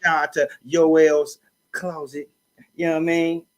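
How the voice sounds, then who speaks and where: A man hosting a casual podcast, hyping up the show and giving shout-outs in a loose, chatty way. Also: on the high side, little pitch movement, unhurried. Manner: hypes up, gives shout-outs, says "you know what I mean". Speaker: podcast host.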